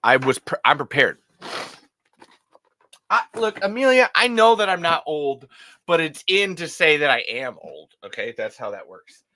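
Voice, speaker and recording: A man in his thirties hosting a casual livestream, rambling and self-deprecating, swearing freely and breaking into loud impressions. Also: a little high, big pitch swings, measured pace, no room sound. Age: 30s. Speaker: livestream host. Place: hot upstairs room.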